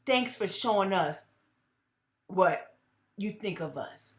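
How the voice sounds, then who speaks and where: A woman's voice: medium pitch, expressive, takes it slowly. A middle-aged woman hosting her own commentary channel, talking to viewers in an emphatic way that repeats phrases and breaks into laughs between points.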